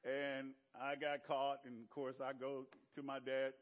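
An older man with a Southern American accent preaching a sermon, telling stories with laughter and big swings between loud and soft. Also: medium pitch, level tone, measured pace, dull audio. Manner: storytelling with laughter and sweeping shifts in loudness. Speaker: pastor.

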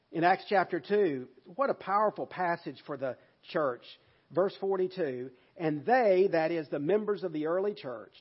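Husky guy preaching, punches words loud, kinda muffled lo-fi sound. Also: sits high. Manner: emphatic, rising to loud bursts for stress. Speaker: pastor. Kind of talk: sermon.

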